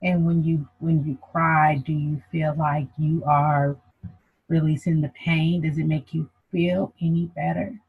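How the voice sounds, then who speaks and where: Someone playing a breathy, calm counselor. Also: medium pitch. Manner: measured, reflective questioning. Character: calm counselor asking gentle questions. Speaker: counselor in a role-play. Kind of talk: counseling role-play. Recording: dull lo-fi audio.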